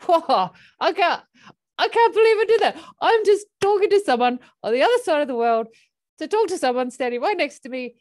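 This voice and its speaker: A woman's voice: fairly high pitch, fairly quick, pitched above the performer's own voice, lightly acted. A woman voicing an elated, chatty female horse who gives cheeky orders about her food. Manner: giddy, excited, giving cheeky orders.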